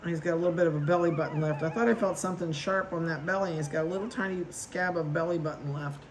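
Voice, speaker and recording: A woman's voice: fairly low pitch, steady tone, fast talker, noisy background. A woman dog breeder chatting casually and affectionately as she handles puppies at an indoor table and talks to them.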